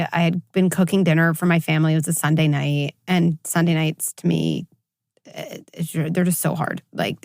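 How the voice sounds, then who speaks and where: A woman clinical psychologist in her forties, talking as a guest in an interview and telling stories with lively quoted voices. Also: low voice, no room sound, studio quality. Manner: animated storytelling, acts out quoted voices. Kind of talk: conversational interview.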